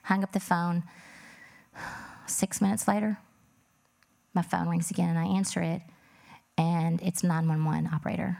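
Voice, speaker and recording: Woman, mother, speaking testimony; earnest, plain, low-ish pitch. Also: level tone, a little slow, gravelly, long pauses, warm tone. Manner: earnest, plain-spoken, with many fillers. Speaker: mother telling her story. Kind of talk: emotional personal testimony.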